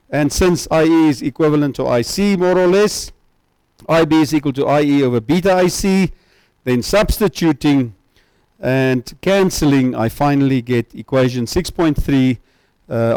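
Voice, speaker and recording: A man's voice: medium pitch, a little mellow, dry recording, rough recording. A man giving a university lecture, often checking that students follow with tag questions.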